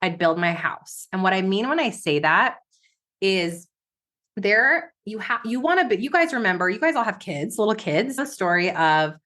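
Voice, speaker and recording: A woman's voice: medium pitch, lively intonation, normal speed, a bit bright. A woman guest on an interview podcast, a business coach telling her story in an emphatic, conversational way with vivid examples.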